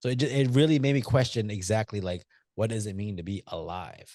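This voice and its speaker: A man's voice: lowish voice, brisk, darkish tone, dry recording, clean studio sound. A man co-hosting a casual movie podcast, loose and profane, teasing his friend and musing aloud with restarts. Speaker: podcast co-host. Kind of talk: casual movie-review chat.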